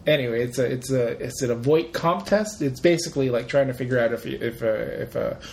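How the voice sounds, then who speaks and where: A podcast co-host with a mid-pitched voice, chatting casually. The speech is hesitant, full of uh and like. Faint background noise sits under the voice. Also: fairly quick, darkish tone. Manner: hesitant, many fillers. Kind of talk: casual chat.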